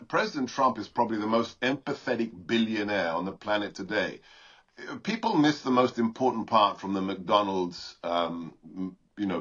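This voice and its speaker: Husky guy pushing back hard as an interview guest, dull lo-fi sound. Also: lowish voice, fairly bright tone. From Britain. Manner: combative and emphatic. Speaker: political commentator guest. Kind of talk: political interview commentary.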